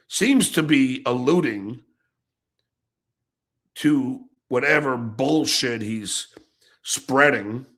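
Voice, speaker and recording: A middle-aged man hosting his own podcast, ranting angrily and profanely, jumping between shouts and low mutters. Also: creaky. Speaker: podcast host. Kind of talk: angry ranting monologue.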